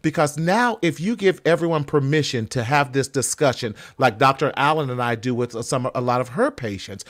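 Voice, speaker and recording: A man's voice: medium pitch, lively intonation, moderate pace, few pauses, a bit bright, no echo, clean studio sound. A man hosting a live panel discussion, giving earnest, emphatic advice about stress and self-care.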